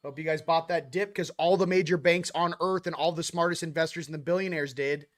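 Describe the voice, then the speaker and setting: A man with a slightly high voice and fairly even intonation hosts a casual spiritual chat show, speaking briskly. He rambles from topic to topic in a slangy, offhand way.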